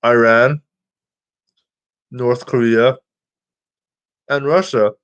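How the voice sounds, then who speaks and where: Slow, rambling man vlogging. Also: medium pitch, steady tone, fairly bright tone, clean tone, dull audio. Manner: rambling, swears freely, restarts lines. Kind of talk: casual commentary to viewers.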